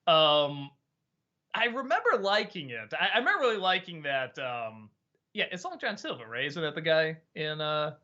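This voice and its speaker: A man's voice: on the high side, very animated, pushed and bright, lo-fi sound. A man hosting a casual live-stream chat, stammering a little and laughing often. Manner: chatty, stammering, quick laughs. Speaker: host.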